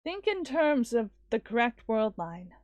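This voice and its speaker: A woman voicing a sharp, sarcastic young woman scientist from a visual novel, speaking in a dry, cutting, matter-of-fact way. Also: on the high side, big pitch swings, a little slow, no room sound, highs cut off.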